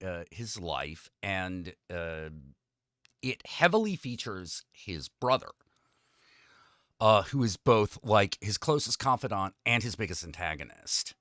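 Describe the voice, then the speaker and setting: Lively, bright-toned man chatting. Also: lowish voice, slow pace, dry recording, clean studio sound. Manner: lively, chatty, lots of "you know" and "um". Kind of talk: casual podcast chat.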